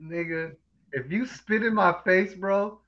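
Casting: wisecracking man, high and bright voice, muffled lo-fi sound. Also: measured pace. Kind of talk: casual chat.

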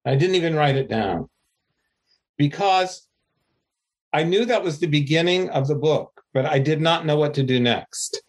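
Slow-talking older man author. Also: fairly high pitch. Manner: slow, rambling, self-deprecating with laughs. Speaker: author being interviewed. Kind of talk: reflective interview answer.

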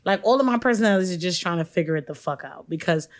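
Woman podcast host, casual banter, lively, swears freely, mimics others. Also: on the low side, rapid-fire. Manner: animated, profane, acts out voices. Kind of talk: casual chat.

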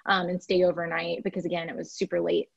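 A woman's voice: lowish voice, flat delivery, quick pace, gravelly, slightly rough, dry recording. Chatty woman telling a personal story. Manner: chatty, many fillers like "like" and "you know". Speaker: podcast guest. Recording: dry, slightly dull recording.

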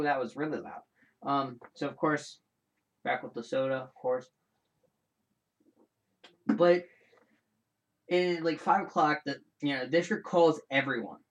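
A man hosting his own show in a casual, rambling solo chat, animated and full of restarts and side comments. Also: medium pitch, slight background noise. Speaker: show host.

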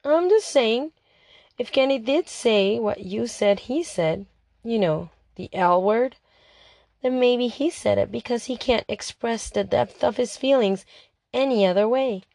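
A woman's voice: a little high, unhurried, gravelly, a little mellow, no echo. A woman voicing a superior, know-it-all teenage girl who lectures in an analytical way. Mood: lecturing.

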